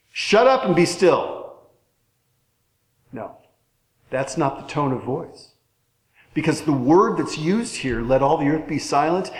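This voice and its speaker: Slow, earnest preaching man in an echoey hall. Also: a little high. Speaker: pastor. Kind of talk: sermon.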